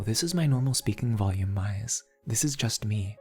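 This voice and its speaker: A soft-spoken young man chatting casually on an ASMR stream, playful and rambling, laughing often. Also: fairly low pitch, animated, normal speed, soft background music. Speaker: VTuber streamer.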